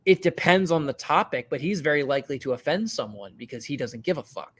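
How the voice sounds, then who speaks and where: A man with a fairly high voice chats loosely on a stream, rambling through ideas with filler words and the odd curse. His talk is casual and animated. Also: quick pace. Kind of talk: casual chat.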